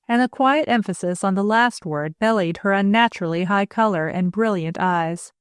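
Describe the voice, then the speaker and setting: A woman narrating an audiobook in a steady, measured reading. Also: medium pitch, no echo, studio quality. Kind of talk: scripted narration.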